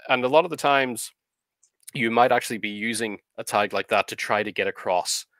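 A man co-hosting a casual talk on editing fiction, explaining at a measured pace with frequent ums and uhs. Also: mid-range voice, fairly bright tone, dry recording. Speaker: co-host of a writing advice show.

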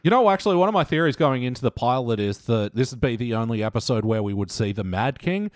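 A man's voice: mid-range voice, expressive, fast, no room sound, studio quality. A man co-hosting a podcast in casual chat, laid-back and often swearing and laughing. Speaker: podcast co-host.

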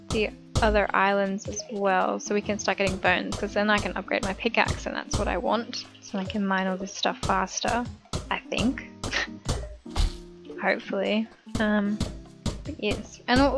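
Girl playing a game, chatty and giggly, some music faint behind her. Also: mid-range voice. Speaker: gaming YouTuber. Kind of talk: casual let's-play commentary.

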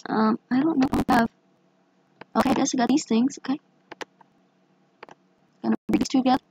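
A young woman with a hoarse voice, chatting excitedly through her gameplay with lots of fillers. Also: sits high, brisk, background noise. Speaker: gaming channel host. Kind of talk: casual gameplay commentary.

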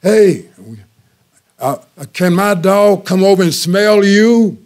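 A man voicing a woman who loudly calls across the street to her dog, pitched high and raised. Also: level tone, normal speed, natural voice. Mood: calling loudly. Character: loud middle-aged woman calling to her dog.

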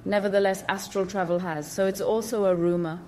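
A woman's voice: mid-range voice, fairly even intonation, brisk, mellow, faint music behind. Emphatic woman explaining in casual talk. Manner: emphatic, repeats for stress, awkward phrasing. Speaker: spiritual channel host.

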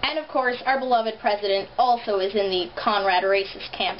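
A young woman with a slight lisp, vlogging in an animated, sarcastic, chatty way, recorded on a built-in camera mic. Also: mid-range voice, normal speed. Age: young adult. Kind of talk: casual vlog chat. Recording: dull lo-fi camera audio, faint hiss.

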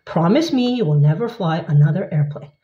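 A woman voicing a gentle, worried father in a storybook reading. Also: fairly low pitch, lively intonation, fairly quick, lightly acted. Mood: concerned. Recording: echoey, slightly dull room sound.

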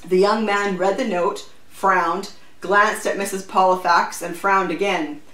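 Woman reading a story aloud, echoey. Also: mid-range voice. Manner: measured, even storytelling. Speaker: book reviewer. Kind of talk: scripted narration. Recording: roomy echo, distant mic.

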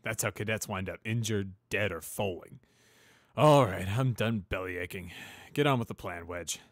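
A man voicing a gruff, tired older male pegasus sergeant who talks bluntly and bossily in a fan storybook reading. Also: lowish voice, moderate pace, no echo, clean studio sound, natural voice. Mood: grumpy.

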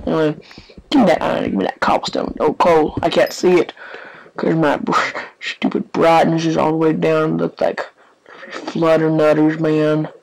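An excitable host talks through live gameplay in a rambling, offhand way, full of fillers. The voice sits at a middling pitch and keeps lurching from sudden yelps to hushed whispers. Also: normal speed, vocal fry, poor audio. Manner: yawning, offhand chatter with many fillers. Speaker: gaming channel host.

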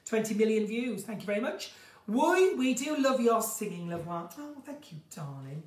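A woman with a croaky voice hosts an unscripted live stream from her countryside home. She is chatty and gushing as she reads out viewers' comments. The phone sits a little way from her, so her voice comes through roomy and distant. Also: on the high side, big pitch swings, moderate pace, a little mellow. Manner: chatty, gushing, flamboyant, breaks into song.

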